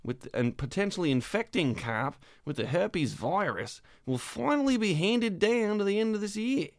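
Gravelly, animated podcast co-host man. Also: no echo, clean studio sound. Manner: reads news articles aloud with mock gravity, jumps into squealing high voices. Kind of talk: crude comedy podcast banter.

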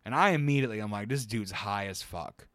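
A man's voice: fairly low pitch, animated, fast, fairly bright tone, no room sound. A man co-hosting a podcast, telling a work story in a loose, profane, rambling way, often cracking himself up. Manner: profane, rambling, laughs through stories. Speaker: podcast co-host. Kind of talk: casual storytelling chat.

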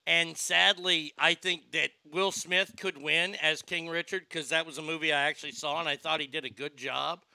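Brash, gravelly-voiced man hosting. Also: a little high, steady tone, moderate pace, few pauses, sharp tone, no echo. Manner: brash, profane, joking. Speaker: host. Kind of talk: casual podcast banter.

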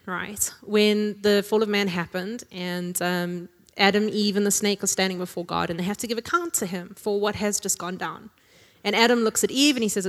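A woman's voice: mid-range voice, fairly bright tone. A woman preaching a sermon in a chatty, conversational way, often tagging lines with a question and joking along the way. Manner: conversational, tag questions, jokey asides with laughs. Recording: long hall reverb.

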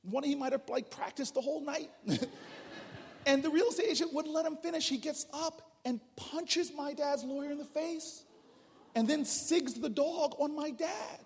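A man's voice: very high-pitched, moderate pace, gravelly, a little hiss or hum. A man from New Jersey, a politician, telling humorous stories to a crowd in a large public hall. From New Jersey, USA. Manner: animated, humorous, with many restarts. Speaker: politician speaking at a town hall. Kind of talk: storytelling speech. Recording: reverberant hall from far off.

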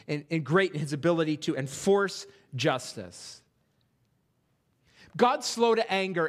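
A man preaching an expository sermon in a church, reading scripture aloud and posing rhetorical questions with animated delivery. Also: high voice. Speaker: pastor. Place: church sanctuary.

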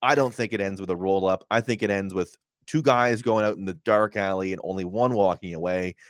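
A man's voice: sits low, a little fast, no room sound. A man co-hosting a casual wrestling recap show, retelling promos and sometimes acting out the wrestlers' lines. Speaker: wrestling podcast co-host.

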